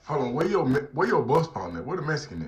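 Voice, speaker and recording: A man's voice: fairly high pitch, sing-song, fast talker, roomy sound. A man interviewing a guest, cutting in with short reactions and questions. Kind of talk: casual interview.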